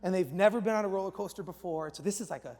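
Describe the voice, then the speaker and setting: High-voiced pastor preaching in a reverberant hall. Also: male voice, racing. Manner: lively storytelling, dropping to hushed asides. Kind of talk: sermon.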